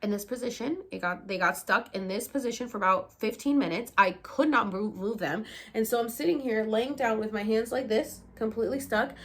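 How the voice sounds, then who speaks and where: A woman's voice: on the high side, brisk, hardly any pauses. Young woman vlogger telling a story casually. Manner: animated, swears freely, fillers like "like".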